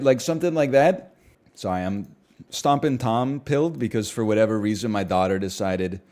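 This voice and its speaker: A man streaming live and riffing casually, animated and sarcastic, with frequent swearing and quick asides. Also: medium pitch. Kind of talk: casual livestream commentary.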